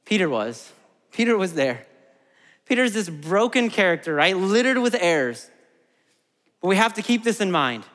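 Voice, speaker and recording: A man's voice: high voice, big pitch swings, moderate pace, pauses often, fairly bright tone, big-room sound. A man preaching a sermon to his congregation. He talks in a conversational way, often laughing and asking the room questions. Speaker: pastor.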